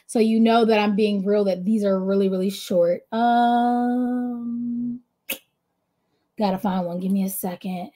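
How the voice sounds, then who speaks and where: A woman's voice: fairly high pitch, dark tone. Chatty woman coaching with a lilt. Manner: chatty, addresses listeners directly, frequent "right?". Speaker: business coach. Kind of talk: casual motivational coaching talk.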